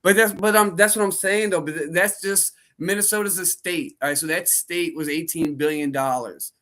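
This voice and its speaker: A man's voice: sits high, normal speed, pushed and bright. A man co-hosting a podcast, rambling casually with lots of fillers and restarts. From New Jersey. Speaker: podcast co-host. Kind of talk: casual chat.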